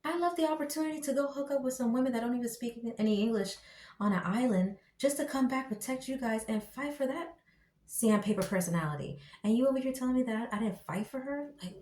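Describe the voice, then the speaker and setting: A woman reviewing a TV show in casual commentary, ranting in an exasperated, slangy and animated way. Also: fairly high pitch, fast, slight background noise. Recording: echoey room.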